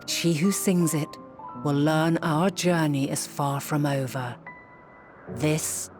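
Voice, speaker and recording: A woman's voice: low-pitched, fairly even intonation, darkish tone. Venat, a wise ancient mother figure. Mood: solemn resolve. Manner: solemn, measured, formal speech. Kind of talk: game cutscene voice acting. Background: game score music.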